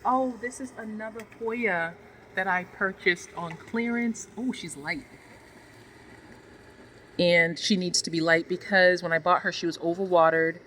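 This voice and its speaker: A woman's voice: lowish voice, fairly even intonation, a little slow, a bit bright, slight background noise, low-quality recording. A woman vlogging a casual tour of her greenhouse, gushing affectionately and talking to her plants as she walks around with a handheld phone.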